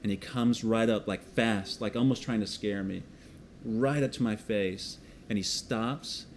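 Male pastor, animated sermon storyteller, faint background hum. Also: on the low side, a little slow. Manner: animated, self-deprecating, acts out dialogue.

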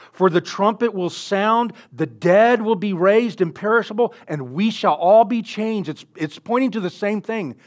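Earnest preaching man, slightly high. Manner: earnest preaching, swells loud on key phrases. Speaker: pastor. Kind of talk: sermon.

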